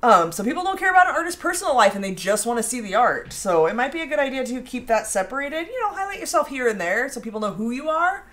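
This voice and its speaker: A woman's voice: sits high, sing-song, quick pace, few pauses, fairly bright tone. A woman hosting a casual home baking live stream, chatting and reading out viewer comments. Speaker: baking show host. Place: home kitchen.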